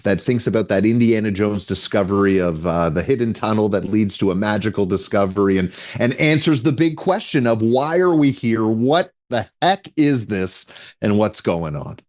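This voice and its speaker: Male guest, earnest and rambling, slightly low voice, casual chat. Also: expressive, normal speed, darkish tone. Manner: rambling, earnest, many fillers. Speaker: TV host as guest.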